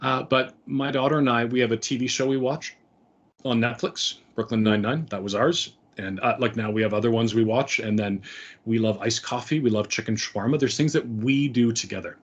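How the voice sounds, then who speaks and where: A man's voice: medium pitch, fairly quick, lo-fi sound. A middle-aged man giving an earnest, conversational talk to parents, with frequent fillers and restarts. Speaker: speaker.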